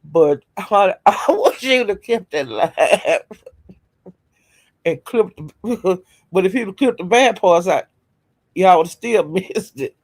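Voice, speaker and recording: A man hosts his own livestream with a gravelly, husky voice that sits a little above the usual male range. He tells gossip to his chat, breaking into laughter again and again. He keeps calling his viewers "y'all", "honey" and "child" as he goes. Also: sits high, animated, takes it slowly, pauses often. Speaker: livestream host. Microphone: home streaming setup.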